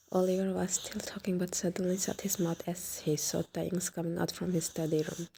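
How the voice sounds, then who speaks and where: A woman narrating a fan fiction story in a soft, even storytelling manner. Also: on the low side, fairly quick, gravelly, hardly any pauses, a little hiss or hum.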